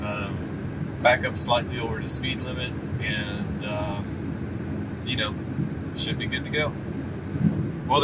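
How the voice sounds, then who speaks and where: A man co-hosting a road trip vlog, explaining things in a relaxed, casual way with lots of fillers. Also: medium pitch. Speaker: vlog co-host. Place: inside a car on the highway. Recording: road noise in a car.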